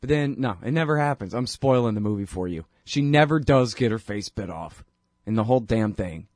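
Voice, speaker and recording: A man's voice: lowish voice, expressive, fairly quick, darkish tone, no echo, studio quality. A man hosting a talk show, delivering a sarcastic, opinionated political monologue that builds to indignant outbursts.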